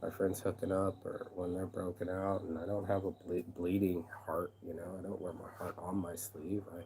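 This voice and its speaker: A man's voice: low-pitched, little pitch movement, normal speed, warm tone, slight background noise, low-quality recording. A man delivering a rambling, aggrieved vlog monologue, swearing freely and circling back on his own words. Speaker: vlogger and shirt designer. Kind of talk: casual venting monologue.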